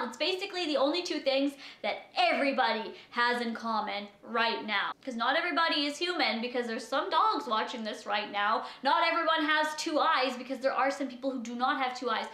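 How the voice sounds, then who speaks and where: A woman's voice: high voice, animated, brisk, few pauses, sharp tone, echoey room. A woman vlogger talking in an anxious, rambling way, short of breath and full of "like". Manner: anxious, rambling, heavy use of "like". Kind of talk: confessional vlog talk.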